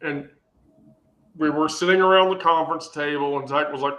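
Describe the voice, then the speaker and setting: Man, rambling storyteller, chatty podcast co-host, fairly high voice. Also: brisk. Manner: rambling, animated, many fillers and restarts. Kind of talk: casual storytelling. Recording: echoey room.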